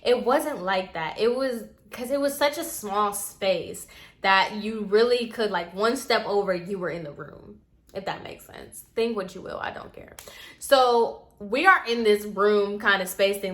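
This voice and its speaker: A young woman recounts a personal story to her viewers in a casual, expressive vlog. Her voice is bright and forward, set at an everyday middle pitch for a woman. She keeps filling her sentences with "like". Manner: chatty and expressive, heavy use of filler "like". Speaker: storytime vlogger.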